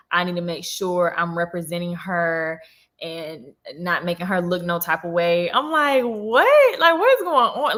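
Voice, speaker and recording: A woman in her twenties hosting a livestream, telling a personal story in a casual, animated way, full of slang and asides to her viewers. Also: lowish voice. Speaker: livestream host.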